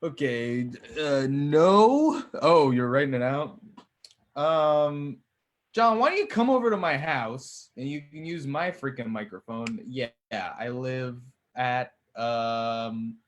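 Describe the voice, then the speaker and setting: A man's voice: medium pitch, slow. A man hosting an online comedy show over a video call, joking loosely as he introduces the comics. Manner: loose, joking, laid-back. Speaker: host.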